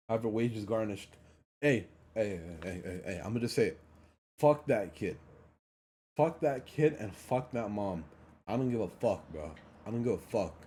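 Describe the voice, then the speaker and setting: A man's voice: medium pitch, warm tone, slightly rough. A man livestreaming a heated, blunt monologue, swearing often and repeating phrases for emphasis. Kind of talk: casual ranting monologue.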